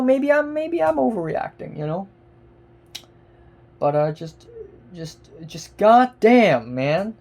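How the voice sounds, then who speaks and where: Woman vlogger, angry rant, profane, exasperated, lowish voice, repeats herself. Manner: exasperated, profane, repeats words and restarts, bursts of loudness.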